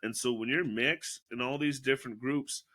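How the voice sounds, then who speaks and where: A man's voice: mid-range voice, moderate pace. A man guest on a casual podcast, telling stories with lots of swearing, acting out quotes and laughing as he talks. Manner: animated, profane storyteller acting out quotes; laughs often mid-sentence.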